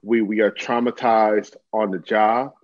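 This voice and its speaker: A man's voice: fairly low pitch, level tone, measured pace, no echo. A man co-hosting a casual talk show, speaking earnestly and with emphasis. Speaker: co-host. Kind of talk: casual chat. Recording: dull lo-fi sound.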